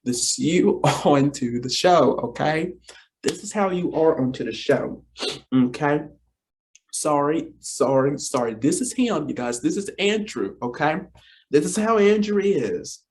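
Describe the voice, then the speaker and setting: Casting: young man in his twenties, unhurried delivery, playful rambling vlogger tone, keeps addressing the viewers. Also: on the high side, lively intonation, a little mellow. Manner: rambling, repeats himself, often addresses "you guys"; playful, teasing then apologetic. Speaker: vlogger and talk show co-host. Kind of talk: casual talk to camera.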